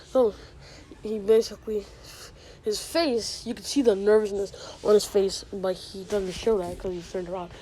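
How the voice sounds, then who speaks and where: A woman's voice: mid-range voice, steady tone, normal speed, mellow, a little hiss or hum, low-quality recording. A woman casually retelling a made-up fantasy story, rambling with many fillers, restarts and asides.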